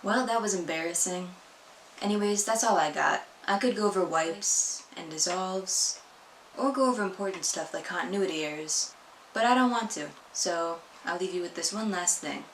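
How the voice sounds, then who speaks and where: A woman's voice: lowish voice, normal speed, slight background noise. Joking young woman in an echoey room. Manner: self-deprecating, chatty and joking. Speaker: vlogger. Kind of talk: casual tutorial vlog. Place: home room. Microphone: camera on tripod.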